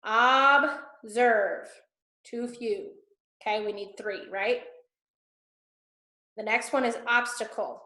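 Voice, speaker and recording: A woman's voice: mid-range voice, fairly even intonation, takes it slowly, pauses often, bright, forceful tone. A woman teacher giving patient, step-by-step instructions to students, often checking in with "okay?". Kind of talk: classroom instruction recorded for students. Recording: echoey room.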